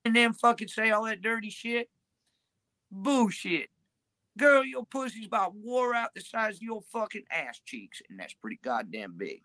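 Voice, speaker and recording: A woman's voice: fairly high pitch, very animated, moderate pace, pushed and bright, dry recording. An older woman talking bluntly and profanely in a rambling interview. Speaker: interviewee in a played clip. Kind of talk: crude street interview talk.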